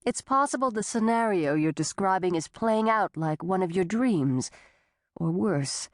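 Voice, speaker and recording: A woman voicing a male doctor who speaks calmly, clinically and patronizingly. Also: mid-range voice, a little slow, dry recording, clean studio sound, lightly acted. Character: calm, condescending male doctor on the phone.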